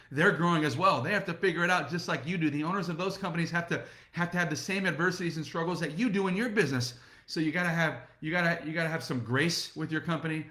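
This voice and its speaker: A middle-aged man giving an energetic motivational talk to camera and speaking straight to his viewers. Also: a little high, roomy sound. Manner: energetic, repetitive, addresses viewers directly. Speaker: network marketing motivational speaker.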